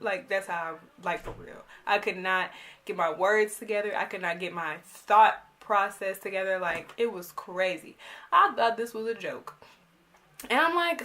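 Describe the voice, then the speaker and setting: A woman's voice: mid-range voice, moderate pace, fairly bright tone. A young woman, animatedly retelling a personal story in a vlog. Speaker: vlogger.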